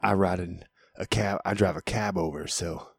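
Low-voiced guy cohosting a podcast, goofy and self-mocking, dry close sound. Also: steady tone, normal speed, vocal fry, husky, dry recording. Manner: playful, self-mocking, laughs a lot. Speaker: podcast co-host. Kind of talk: casual joking chat.

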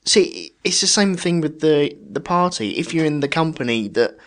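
A man's voice: a little high, expressive, normal speed. A man co-hosting a podcast, speaking in an easygoing way and tagging questions onto his points. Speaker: podcast co-host. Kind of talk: casual podcast chat.

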